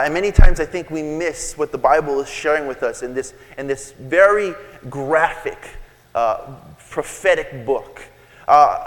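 A man preaching a sermon, telling stories and acting out quoted lines with sudden shouts. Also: medium pitch. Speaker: pastor. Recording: long hall reverb.

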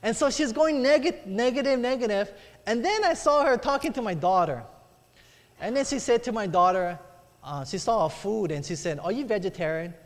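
Preaching in a space with long hall reverb, this middle-aged man has a very high, animated voice and speaks at normal speed. His sermon unfolds as a personal story in which he performs the quoted voices. He also calls on the congregation for amens.

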